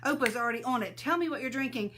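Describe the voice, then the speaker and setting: A woman's voice: fairly high pitch, quick pace, fairly bright tone, slight background noise. A woman hosting a casual live stream, greeting viewers by name and laughing often, a little sneezy and teary-eyed.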